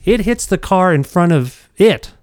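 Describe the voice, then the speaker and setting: Animated man telling a story. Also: sits high, measured pace, no room sound, clean studio sound. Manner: animated, self-deprecating, nervous restarts. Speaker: podcast storyteller. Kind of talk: casual storytelling.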